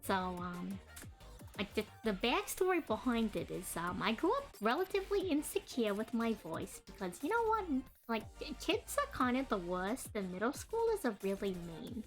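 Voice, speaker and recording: Young woman streamer, high lively voice, chosen cadence, rambling chat, soft music behind. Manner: chatty, rambling, greets chat by name; deliberately adopted speaking voice and cadence. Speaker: streamer and artist. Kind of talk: casual live-stream chat while drawing.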